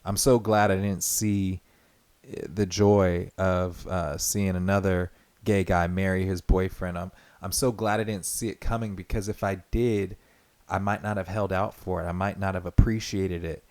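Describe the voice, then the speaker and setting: A man's voice: deep voice, steady tone, moderate pace, a little mellow. A man hosting his own podcast, talking earnestly and rambling in a reflective solo monologue, full of fillers and restarts. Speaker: podcast host.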